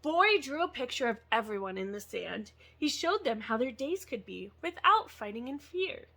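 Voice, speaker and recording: A woman reading a picture book aloud to children with expressive, sing-song storytelling. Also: a little high, moderate pace, rough recording. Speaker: student success advisor reading to children.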